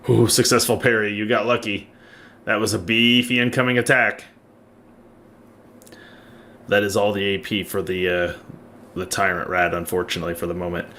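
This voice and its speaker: A man's voice: fairly low pitch, little pitch movement, moderate pace, long pauses, sharp tone, a little hiss or hum. A man running a tabletop role-playing game as game master, narrating and laughing often.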